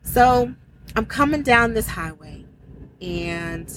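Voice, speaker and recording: A woman's voice: mid-range voice, normal speed, background noise. A woman, a truck driver, telling a personal faith story in casual, emphatic speech with exclamations. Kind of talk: casual spoken testimony.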